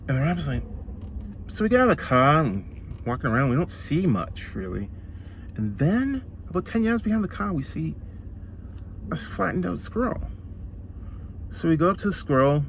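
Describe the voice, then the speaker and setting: A man telling a comic story in a casual, animated way, slowing down for dramatic effect. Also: mid-range voice, slight background noise.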